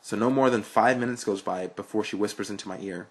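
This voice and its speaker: A man's voice: lowish voice, fast, slightly rough. A young man reading a story aloud in a frank, blunt, profane way. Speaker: narrator.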